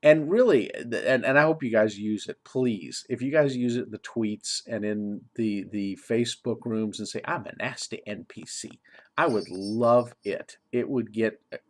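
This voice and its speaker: A man's voice: on the low side, normal speed. A man talking casually as a game master giving advice, rambling and correcting himself, chuckling often. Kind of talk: casual tutorial monologue.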